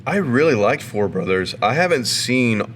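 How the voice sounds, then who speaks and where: A man's voice: medium pitch, big pitch swings, moderate pace, a bit bright, a little hiss or hum. A man co-hosting a podcast, casually sharing film trivia and asking questions. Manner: shares trivia, asks questions. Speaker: podcast co-host.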